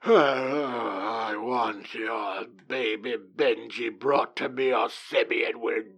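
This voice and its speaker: A man voicing a creepy, menacing male grain manager who speaks slowly and theatrically. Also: fairly even intonation, a bit bright, dull audio. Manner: slow, low and theatrical.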